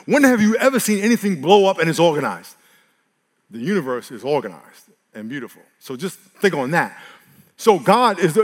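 A man preaching a sermon as a pastor, animated and humorous. He jumps from loud exclaiming to hushed talk, laughs often, and has the congregation repeat after him. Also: high voice, long reverb tail.

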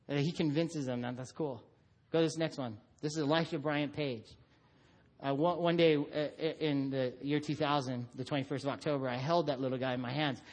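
A middle-aged man preaching a sermon, telling stories about his son and acting out voices. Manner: animated storytelling, acts out his son in a high voice. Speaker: pastor.

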